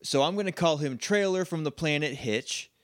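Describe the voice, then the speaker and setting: A man's voice: on the high side, moderate pace, no room sound, studio quality. A man co-hosting a podcast in casual chat, making playful, jokey asides. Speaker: podcast co-host.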